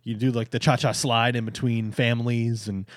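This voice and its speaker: A man co-hosting a casual podcast. He sounds a little hoarse but stays enthusiastic and emphatic, with a joking streak. His voice sits at a middle pitch and is recorded close on a dry mic. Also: flat delivery, moderate pace, no room sound. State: slightly hoarse from allergies. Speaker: podcast co-host. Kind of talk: casual chat.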